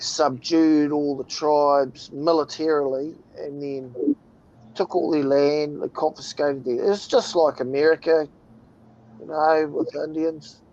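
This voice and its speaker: A man from New Zealand with a New Zealand accent, chatting casually as host, swearing freely and drawling with sudden excited bursts. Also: on the high side. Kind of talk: casual chat. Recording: dull lo-fi sound.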